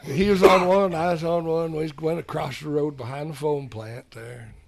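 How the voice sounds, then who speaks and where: Folksy podcast guest from Ohio, Southern Kentucky accent, slightly high husky voice with a lively lilt. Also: male voice, moderate pace. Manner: folksy, rambling storyteller. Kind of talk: casual chat.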